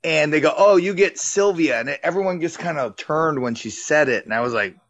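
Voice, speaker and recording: A man co-hosting a casual podcast, his voice bright and forward but dulled by a muffled, lo-fi recording. He jokes freely and spins long, wry stories with the odd swear word. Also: fairly high pitch, fairly quick. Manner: joking, tells long anecdotes with swearing. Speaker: podcast co-host. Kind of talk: casual chat.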